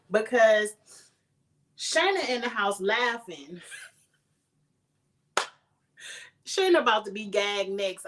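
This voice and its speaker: A woman's voice: mid-range voice, a bit bright, low-quality recording. A woman giving a casual, playful recap of a reality TV episode, acting out the cast's lines in sassy voices. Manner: chatty, playful, acts out quotes in sassy voices. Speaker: show reviewer.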